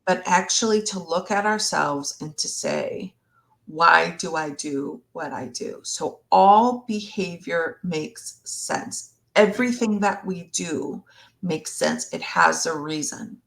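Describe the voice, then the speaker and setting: A woman therapist in a live Q&A, speaking slowly and reflectively, sometimes acting out what a partner might say. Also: on the low side, creaky, a bit bright. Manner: slow, reflective, acts out partner's words. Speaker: relationship therapist. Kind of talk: live Q&A discussion.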